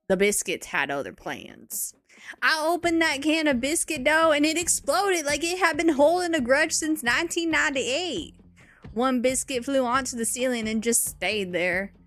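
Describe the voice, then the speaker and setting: A folksy Southern storyteller, as a woman puts on a put-on American Southern accent, drawling through a comic tale with exaggerated exasperation. The voice sits a touch high, with faint music underneath. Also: fairly bright tone.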